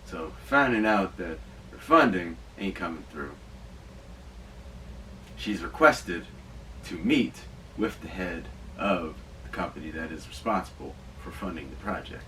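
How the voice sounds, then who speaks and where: A man hosting a podcast, rambling excitedly and swearing through casual riffs. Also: deep voice, a little slow, far from the mic, slight background noise, low-quality recording. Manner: excitable, profane, rambling with asides. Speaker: podcast host reviewing movies. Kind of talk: casual riffing commentary.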